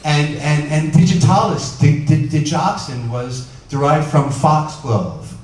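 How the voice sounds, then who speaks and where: A man with a fairly high voice speaks unhurriedly, captured from a distance in an echoey room. He's a doctor giving an informal lecture, talking conversationally with many fillers and asking his audience questions.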